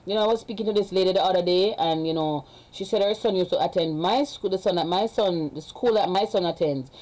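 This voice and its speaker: Jamaican mom streaming live from home, warm low-key tone, talks in chatty run-ons and gives the kids orders mid-sentence. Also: female voice, a little fast, low-quality recording. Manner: rambling and chatty, breaking off to give orders to her children. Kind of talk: casual live-stream chat.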